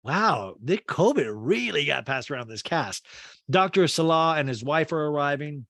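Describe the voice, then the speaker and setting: A male podcast host recaps a TV show with crude, rapid-fire jokes. His voice leaps up and down in pitch, and the sound is dry and close-miked. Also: animated, fairly bright tone, no echo. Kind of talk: comedic TV recap.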